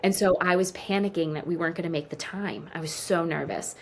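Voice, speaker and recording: A woman in her thirties with a lower-pitched voice shares a personal story as a podcast guest. She talks with strong feeling and acts out the dialogue as she goes. A faint hiss of background noise sits under the recording. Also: brisk. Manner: emotional, animated storyteller who acts out quoted dialogue. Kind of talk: interview storytelling.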